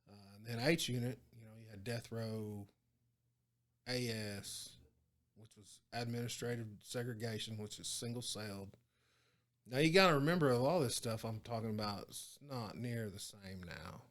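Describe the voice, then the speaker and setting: A man, a former prison guard telling stories in a casual interview, animated and full of cursing. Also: medium pitch, moderate pace. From Oklahoma. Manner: profane, animated storytelling with quoted dialogue.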